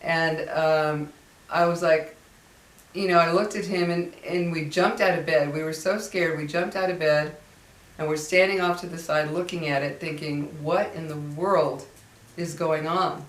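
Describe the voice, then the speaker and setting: A woman's voice: low-pitched, fairly even intonation, moderate pace, far from the mic. A middle-aged woman telling a personal ghost story in a chatty, rambling way, full of fillers and restarts. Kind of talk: casual storytelling. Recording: roomy sound from away from the mic.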